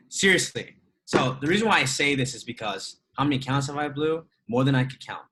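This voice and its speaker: A man's voice: medium pitch, animated, fairly quick, fairly bright tone, rough recording. Emphatic man, laughs between points. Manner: emphatic, laughs often, rhetorical questions. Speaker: trading educator. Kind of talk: casual motivational talk.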